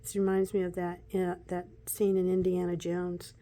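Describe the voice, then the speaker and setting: A woman chatting through a casual deck walkthrough, excitable and talkative, often dropping into soft whispers. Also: on the low side, normal speed. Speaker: tarot deck reviewer.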